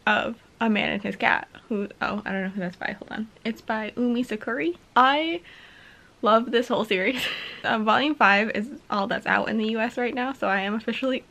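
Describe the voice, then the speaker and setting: Gravelly-voiced woman chatting. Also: on the high side, fairly quick, a bit bright. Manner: rambling, chatty, laughs often. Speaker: book vlogger. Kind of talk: casual reading vlog chat.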